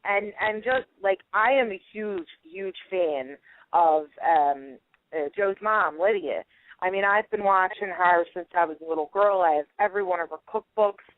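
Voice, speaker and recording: A woman's voice: mid-range voice, moderate pace, dry recording. Chatty woman on a tinny phone line. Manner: chatty storyteller, laughs often. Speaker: guest. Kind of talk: casual phone interview.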